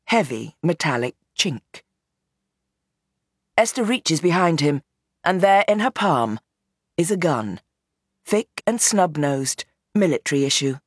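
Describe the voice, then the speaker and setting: Low, husky woman narrating. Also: no room sound, studio quality. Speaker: audiobook narrator. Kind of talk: scripted narration.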